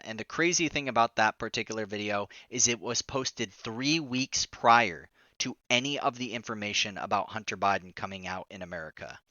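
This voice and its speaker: A man hosting a political commentary vlog, excitable and indignant, exclaiming often. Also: on the low side, no echo, lo-fi sound.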